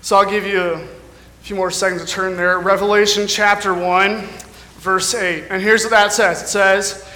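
American man, bright high voice, casual guest preacher in a long-reverb church hall. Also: steady tone, moderate pace. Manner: casual, chatty, lots of fillers like "you know". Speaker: guest speaker. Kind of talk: sermon with jokes. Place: church sanctuary.

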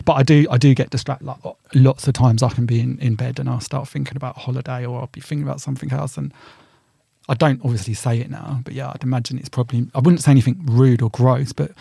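A man's voice: mid-range voice, fairly even intonation, quick pace, creaky, mellow, slightly rough, no echo, studio quality. A young man co-hosting a podcast in casual, rambling chat, easily sidetracked. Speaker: podcast co-host.

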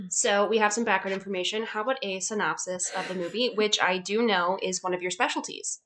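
A young adult woman co-hosts a podcast, chiming in with short, dry jokes during casual conversation. Her pitch is medium. Her delivery is relaxed and wry. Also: brisk, slight background noise. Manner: dry, witty one-liners. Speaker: podcast co-host. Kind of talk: casual chat.

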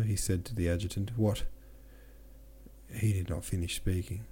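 A man reading a classic novel aloud as a podcast narrator, steady, with small slips he corrects himself. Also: sits low, moderate pace, a little hiss or hum. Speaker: audiobook narrator and podcast host.

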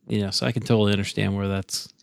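A man's voice: on the low side, level tone, rapid-fire, gravelly, smooth, dry recording, clean studio sound. A man hosting a faith podcast in casual conversation, talking hesitantly and restarting his phrases often. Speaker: podcast host.

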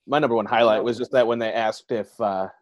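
A man's voice: fairly low pitch, steady tone, fast talker, dull audio. A man chatting on a podcast, a little hesitant. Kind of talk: casual chat.

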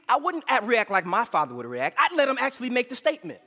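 A middle-aged man preaching a sermon in a church, animated, shouting for emphasis and prompting the congregation to call back. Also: very high voice, fast. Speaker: pastor. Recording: echoey hall reverb.

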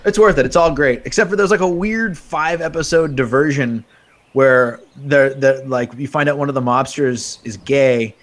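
A man co-hosting a casual podcast, joking and teasing, tossing in quick asides. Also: medium pitch. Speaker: podcast co-host. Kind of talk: casual chat.

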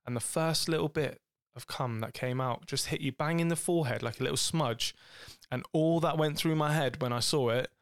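A man's voice: a little high, moderate pace, few pauses, smooth, no room sound, studio quality. A man co-hosting a podcast in casual couple's chat, a joking, rambling storyteller. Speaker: podcast co-host.

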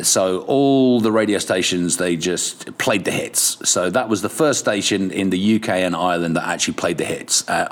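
A middle-aged man, a radio presenter, telling anecdotes in a casual interview, swearing freely and laughing often. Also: low voice. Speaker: radio presenter, podcast guest.

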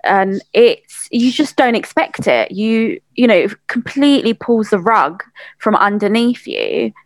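A woman hosting a conversation, speaking in a gentle, reflective way. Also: mid-range voice, animated, unhurried, no echo, low-quality recording. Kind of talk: empathetic conversation.

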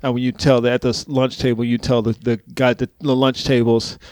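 Animated laughing man, dry close sound. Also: mid-range voice, fast, no echo. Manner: animated storyteller, acts out quotes, laughs a lot. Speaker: comedy show co-organizer. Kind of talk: casual podcast chat.

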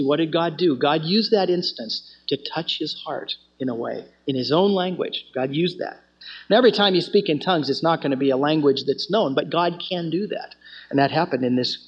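A man's voice: on the high side, slightly rough. A man teaching a student fellowship, telling stories in an earnest sermon style and often restarting his phrases. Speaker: campus ministry teacher. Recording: dull lo-fi recording.

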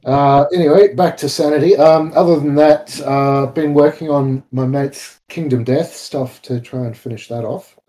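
A man co-hosting a podcast in easygoing chat, pausing often with ums and stumbling restarts as he thinks. His voice is mellow and dark, pitched at an ordinary level for a man. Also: fairly even intonation, rough recording. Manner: hesitant, halting, many ums. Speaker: podcast co-host. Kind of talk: casual chat.

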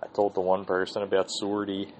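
A man's voice: sits low, completely flat delivery, fairly quick, a little hiss or hum, poor audio. A man hosting his own podcast, telling a rambling, profane story in a casual solo monologue. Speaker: podcast host.

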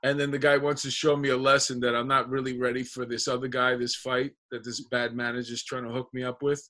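A man's voice: mid-range voice, level tone, fast, sharp tone. A man, an actor guest on a podcast, telling rambling, profane anecdotes in casual chat.

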